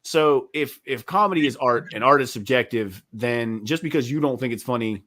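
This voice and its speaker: A man from West Virginia chats as a guest comedian, his voice bright and mid-pitched. He rambles through loose, profane opinions, full of "like" and restarts. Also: moderate pace. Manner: rambling, profane, animated with many fillers. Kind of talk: casual podcast chat.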